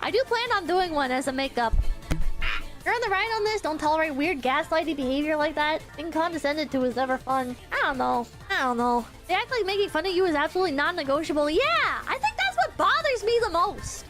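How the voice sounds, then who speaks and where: A woman's voice: sits high, lively intonation, brisk, music in the background. A young woman streamer chatting frankly and at length, swearing often and filling her talk with "like". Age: young adult. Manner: rambling, frank, swears often, many fillers. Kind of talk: casual stream chat.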